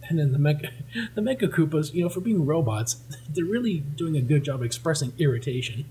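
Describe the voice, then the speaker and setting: A man's voice: a little high, lively intonation, a little fast, warm tone, slight background noise, poor audio. A man hosting a casual comic read-through, joking and laughing as he narrates. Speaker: host.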